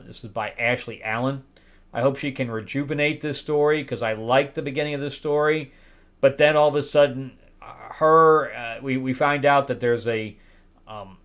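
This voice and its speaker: Candid wry male comic reviewer. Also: medium pitch. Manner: candid and wry, with loud incredulous outbursts; hesitant, many fillers and restarts. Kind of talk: casual spoken review.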